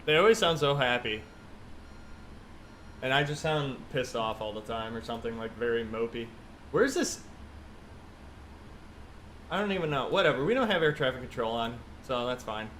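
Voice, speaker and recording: A man's voice: mid-range voice, animated, moderate pace, long pauses, fairly bright tone, a little hiss or hum. A man live-streaming a flight simulator, chatting casually and thinking aloud as he works through checklists.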